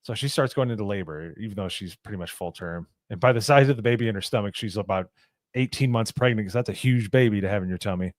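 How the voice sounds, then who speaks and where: A man's voice: lowish voice, fast, dry recording. Male review co-host, easygoing and rambling, dry close sound. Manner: rambling, with restarts and asides. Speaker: podcast co-host. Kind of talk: casual movie review chat.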